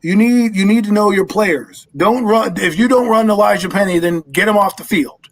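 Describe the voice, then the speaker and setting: A man calling in to a sports show, ranting in a loud, heated voice that often breaks into shouting. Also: high-pitched, moderate pace. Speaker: call-in caller. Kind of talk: fired-up fan rant.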